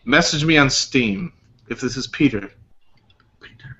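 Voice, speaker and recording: A man's voice: mid-range voice, expressive, normal speed. A man co-hosting a gaming podcast, telling rambling stories with laughs in a casual chat. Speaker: podcast co-host. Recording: dull sound with faint noise.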